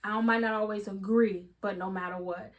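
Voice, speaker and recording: A woman's voice: mid-range voice, steady tone, moderate pace. A woman co-hosting a casual chat, agreeable and affirming, talking about what she offers others. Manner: warm, agreeable, frequent affirmations. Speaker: podcast co-host.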